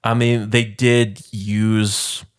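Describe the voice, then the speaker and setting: A man's voice: lowish voice, level tone, drawn-out words, smooth, no room sound, clean studio sound. A man co-hosting a casual podcast, leading the topic in a rambling way with lots of "like" and "I mean". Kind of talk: casual chat.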